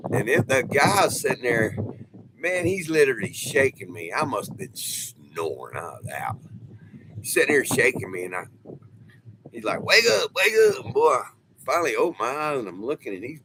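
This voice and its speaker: A man's voice: mid-range voice, background noise. A man telling a rambling, folksy story on a casual livestream, laughing often. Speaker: livestream host. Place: off-grid home.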